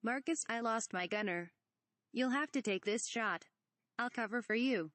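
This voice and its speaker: A woman's voice: fairly high pitch, normal speed, a bit bright, natural voice. Woman reading a cocky squadron leader.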